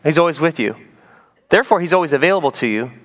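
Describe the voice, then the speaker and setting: A man preaching a sermon as pastor, animated and playful, dropping to soft emphasis on key points. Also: on the high side, quick pace.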